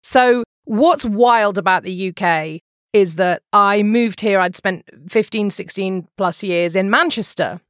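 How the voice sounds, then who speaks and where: A middle-aged Englishwoman with a Midlands background talks easily in a casual interview, lively and quick to tell a story. Her voice sits at a middling pitch, heard in a dry, close recording. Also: dry recording. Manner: lively storyteller, mimics regional accents. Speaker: podcast guest, journalist.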